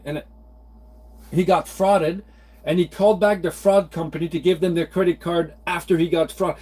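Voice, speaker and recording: 40s guy, high voice, rambling, fed-up venting to camera. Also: fairly even intonation, moderate pace, darkish tone. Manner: rambling, exasperated, many restarts. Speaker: vlogger. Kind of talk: casual venting monologue.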